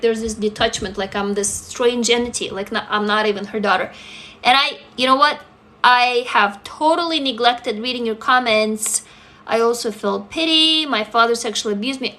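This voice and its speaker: A Russian woman in her forties hosts a phone livestream, talking candidly and emotionally to her viewers in a casual way. Her voice is a little high with a sharp tone.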